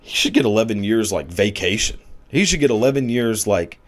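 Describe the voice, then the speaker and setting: A man with a deep, low-pitched voice rants in a crude, sarcastic way, swearing often. He fills his sentences with "like" and "I mean" as he piles up mocking complaints. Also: big pitch swings, brisk. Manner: crude, sarcastic, heavy use of filler "like". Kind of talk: profane comedic rant.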